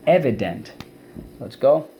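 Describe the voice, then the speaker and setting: A male teacher giving an online vocabulary lesson to kids, energetic and repeating words and syllables for students to say back. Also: medium pitch, slow pace, muffled recording, a little hiss or hum.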